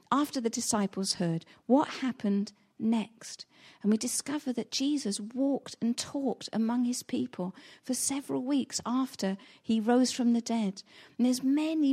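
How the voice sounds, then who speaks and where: Husky, mellow-toned woman preaching a story. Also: fairly high pitch. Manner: storytelling, acting out quoted lines with rising intensity. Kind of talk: sermon retelling a Bible story.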